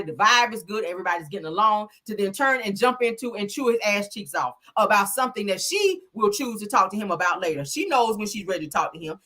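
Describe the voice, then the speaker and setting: Sassy animated woman recapping. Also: mid-range voice. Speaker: host. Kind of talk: casual reality show recap.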